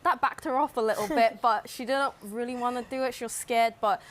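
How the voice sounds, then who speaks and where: A woman on a studio panel, speaking in a warm, gushing, emotional way. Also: on the high side, steady tone, brisk. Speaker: pundit.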